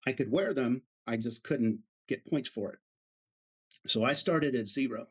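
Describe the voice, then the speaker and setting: A man's voice: medium pitch, measured pace, breathy edge. A middle-aged American man, an Army veteran, telling stories casually in an interview and acting out the voices of the people he quotes. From United States. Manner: animated storyteller, acts out quoted voices.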